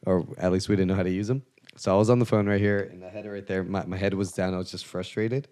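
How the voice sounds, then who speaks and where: Very deep-voiced man, candid podcast host. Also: fairly even intonation, dark tone. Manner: candid, confessional, quick to laugh. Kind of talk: casual podcast conversation.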